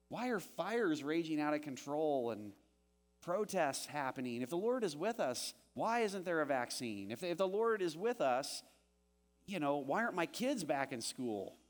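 A man with a high voice preaching a sermon to his congregation. He is animated and slips into the anxious voices of the people he quotes before returning to his own teaching tone. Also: moderate pace. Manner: animated, acts out quoted voices with rising pitch. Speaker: pastor.

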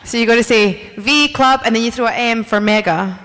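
At a convention, a woman with a fairly high, bright voice playfully leads a crowd through a silly dance, talking a little fast and laughing as she goes. It's lively banter with a live audience, recorded with long hall reverb and a faint hiss or hum.

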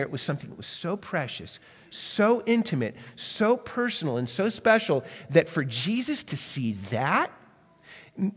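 A man's voice: on the high side, big-room sound. A man preaching a sermon, asking the listeners questions and sometimes dropping his voice to a near-whisper. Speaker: pastor.

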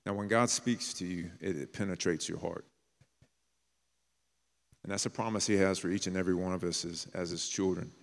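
A man preaching a sermon as a pastor, earnest and plain-spoken, sometimes dropping to a hushed storytelling tone. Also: sits low, fairly even intonation, a little fast, creaky, long pauses. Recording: long reverb of a large hall.

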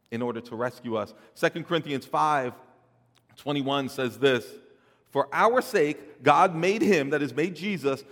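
A man preaching a sermon, swelling loud and dropping soft, often repeating words as he builds a point. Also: medium pitch, long reverb tail. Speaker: pastor.

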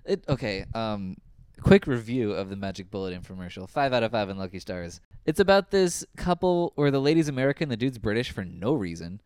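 A man in casual, joking conversation, reviewing a movie and telling stories with lively, playful delivery. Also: fairly low pitch, a little fast, clean tone, dry recording, clean studio sound. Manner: animated, jokey storyteller who puts on silly voices. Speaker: podcast co-host reviewing a movie. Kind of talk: casual chat.

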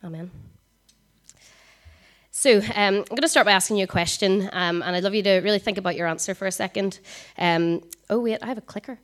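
A woman, giving a conversational sermon at a church service, talking fast with frequent ums. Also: medium pitch. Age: 20s. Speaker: preacher.

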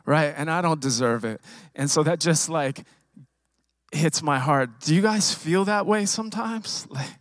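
A man's voice: a little high, no echo. Church musician, man, tenor-ish, emotional testimony, lots of restarts, dry close sound. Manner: emotional, halting, many restarts and repeats. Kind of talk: personal testimony to a congregation. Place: church sanctuary. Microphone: handheld microphone.

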